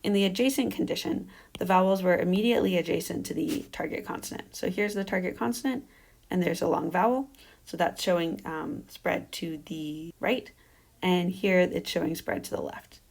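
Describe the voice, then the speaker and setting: A woman presents her dissertation research in a steady, explanatory academic manner. Her voice sits a little low and carries a gravelly fry. She talks through her slides with the occasional um. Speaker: doctoral candidate presenting a dissertation defense.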